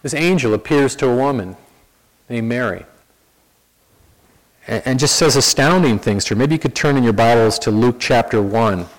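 A man preaching a sermon in a conversational, animated storytelling manner, often restarting his sentences. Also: medium pitch, moderate pace, long pauses, low-quality recording. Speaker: pastor.

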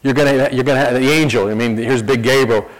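A man preaching a sermon in a conversational, animated storytelling manner, often restarting his sentences. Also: medium pitch, fast talker, rough recording. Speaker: pastor.

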